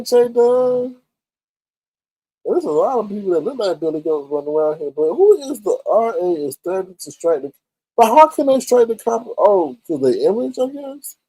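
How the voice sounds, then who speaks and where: Sassy male livestream host, mellow voice. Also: high voice, very animated, normal speed, breathy edge, dry recording, low-quality recording. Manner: sassy, chatty, talks straight to chat. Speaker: livestream host reading chat. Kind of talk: casual live-stream commentary.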